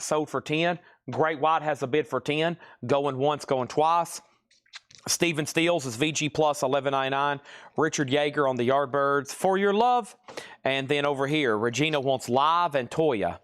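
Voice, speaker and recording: A man hosting a live-stream record sale, reading out titles, prices and bids in a steady patter while he handles records. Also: on the high side. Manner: brisk, reads off prices and bids.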